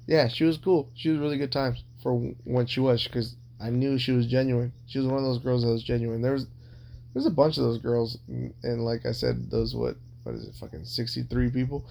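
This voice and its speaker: A man's gravelly, mellow, medium-pitched voice moves a little fast as he rambles through personal stories on a casual podcast. His confessional storytelling is blunt and heavily profane.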